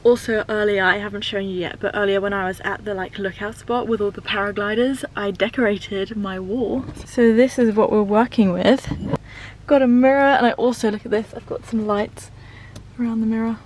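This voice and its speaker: A young woman talking casually to her camera in a vlog, chatty and excitable. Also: mid-range voice, moderate pace, slight background noise, rough recording. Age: young adult. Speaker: vlogger. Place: van and outdoors. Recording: loud background music.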